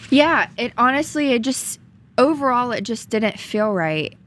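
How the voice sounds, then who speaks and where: A woman's voice: a little high, expressive, a little slow, a bit bright, slight background noise. Earnest young woman, slight Southern accent. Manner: earnest, chatty, with frequent ums and likes. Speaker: podcast guest. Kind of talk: casual storytelling chat.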